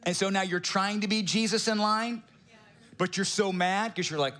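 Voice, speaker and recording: A middle-aged male pastor preaching a sermon with a somewhat high-pitched voice. His delivery is casual and joking. He keeps turning to the congregation with rhetorical questions. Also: steady tone, fast, bright, forceful tone.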